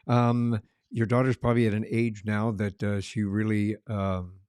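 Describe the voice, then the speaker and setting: A man's voice: on the low side, flat delivery, moderate pace, a little mellow, clear, resonant tone, dry recording, clean studio sound. A man hosting an interview podcast, courteous and effusive with praise. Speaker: podcast host. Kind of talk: casual interview.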